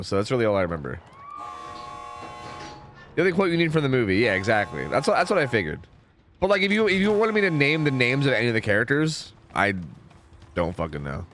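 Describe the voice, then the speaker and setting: A man's voice: mid-range voice, fairly bright tone, slight background noise. A man streaming a video game, giving casual commentary with exasperated, joking, rambling asides to his chat.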